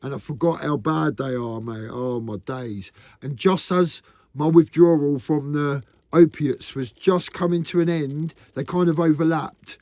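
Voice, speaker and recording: A man's voice: on the high side, a little slow, mellow, dry recording, clean studio sound. A man talking candidly to camera in a rambling, earnest vlog, often tagging sentences with "mate". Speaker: vlogger.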